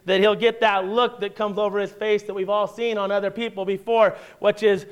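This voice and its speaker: A pastor delivers a sermon with a high, smooth, resonant voice. He talks in a relaxed, conversational way and slips in wry humor as he tells a story. The sermon is given in a church. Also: brisk.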